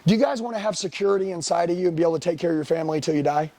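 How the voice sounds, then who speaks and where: A man's voice: fairly high pitch, racing, dark tone. A middle-aged man giving a blunt, profane motivational sales talk, firing questions at his trainees. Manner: blunt, swearing, hammering questions at the room.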